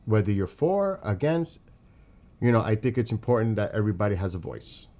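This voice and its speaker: A man from New York City with a New York accent, hosting a livestream and commenting on flight tracks while reading chat, excitable and rambling, asking questions as he goes. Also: on the low side, fairly quick.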